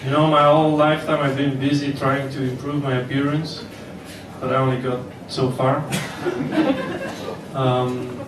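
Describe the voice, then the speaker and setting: A man doing a self-deprecating stand-up set in an unhurried, deadpan manner on a comedy club stage. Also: medium pitch. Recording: echoey club from far off, noisy.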